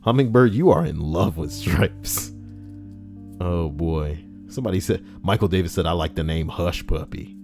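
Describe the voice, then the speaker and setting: A man live-streaming, reading out stories and donations in casual, profane banter that jumps between mumbling and loud outbursts. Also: low voice, normal speed, music in the background.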